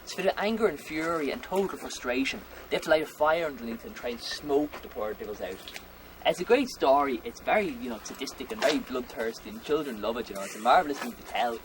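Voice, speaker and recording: Male guide, rapid animated storyteller, mid-range voice, clear ambient noise behind. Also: medium pitch. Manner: vivid, dramatic retelling with frequent "you know". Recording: noisy background ambience.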